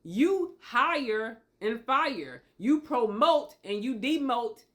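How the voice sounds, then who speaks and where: A woman talks straight to her viewers, giving relationship advice in a motivational monologue. She hammers her points home through repetition and keeps checking in with a quick "okay?". Her voice sits a little high for a woman. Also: lively intonation, a bit bright. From Tennessee. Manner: emphatic and repetitive, asks okay often.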